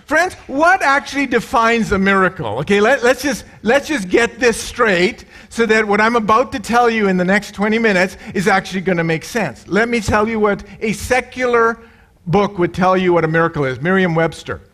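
A middle-aged man delivers a sermon as pastor, his voice sitting high for a man. He preaches in an animated way, telling jokes and bursting into loud, higher voices whenever he acts out the people in his stories. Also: moderate pace.

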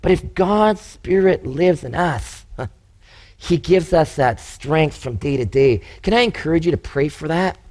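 High-voiced animated male preacher. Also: measured pace. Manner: animated, storytelling preacher who acts out quotes. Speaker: pastor. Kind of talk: sermon.

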